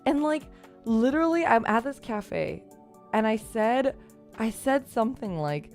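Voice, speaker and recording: A young adult woman streamer telling a story in casual chat, animated, laughing and swearing freely. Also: on the high side, a little slow, faint music behind.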